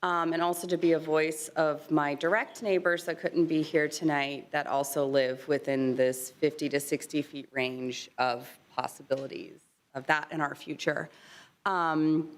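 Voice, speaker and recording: A woman's voice: deep voice, steady tone, unhurried. A woman in her thirties, a resident, pleading sincerely but hesitantly, with many ums, at a podium microphone in a city commission chamber. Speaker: resident speaking at public comment. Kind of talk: public comment at a city meeting.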